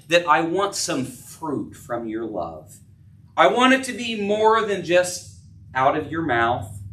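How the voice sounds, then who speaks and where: A man's voice: a bit bright, a little hiss or hum. A man preaching a sermon as pastor, earnest, acting out scripture dialogue in his voice. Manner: earnest, acts out dialogue with rising pitch. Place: church sanctuary. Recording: distant from the mic.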